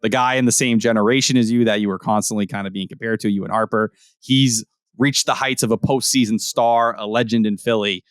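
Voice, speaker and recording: A man co-hosting a podcast, talking sports in casual, profane, animated chat. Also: fairly low pitch, clean tone, dry recording, studio quality. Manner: animated, profane, rapid-fire opinions. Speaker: podcast co-host.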